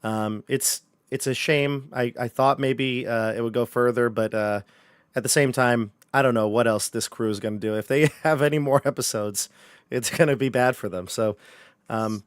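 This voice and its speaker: A man's voice: medium pitch, fairly even intonation, moderate pace, clear, resonant tone, no room sound, clean studio sound. A man running a livestreamed tabletop horror game, joking and chatty with his players. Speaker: game master.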